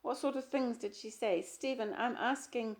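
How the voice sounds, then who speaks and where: A woman's voice: fairly high pitch, moderate pace, pitched above the performer's own voice, close to an everyday voice. Woman reading an insecure, pleading young wife. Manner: pleading, needling questions. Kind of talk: audiobook character dialogue.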